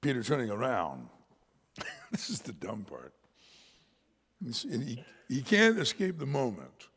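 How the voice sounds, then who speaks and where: A male pastor preaching a sermon, swinging from shouts to whispers and laughing often. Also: mid-range voice, big pitch swings, measured pace, slightly rough, long reverb tail. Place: church sanctuary.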